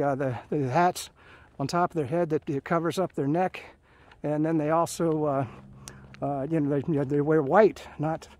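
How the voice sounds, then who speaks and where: A man's voice: a little high, a little mellow. Rambling man telling old army stories. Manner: rambling, full of fillers and restarts. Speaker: Marine veteran storyteller. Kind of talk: casual spoken storytelling. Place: outdoors on a hiking trail. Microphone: phone held while walking.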